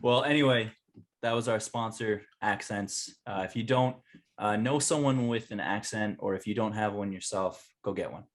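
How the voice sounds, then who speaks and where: A young man co-hosting a podcast in casual chat, dry and teasing, reading an ad haltingly. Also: lowish voice. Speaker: podcast co-host.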